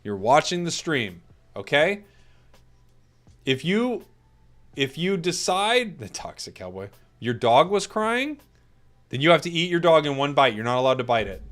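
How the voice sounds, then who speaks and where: A man's voice: a little high, very animated, a bit bright, soft background music. A man casting an esports tournament, joking with his stream chat in mock outrage during a break, stammering and restarting. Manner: stammering restarts, quick laughs.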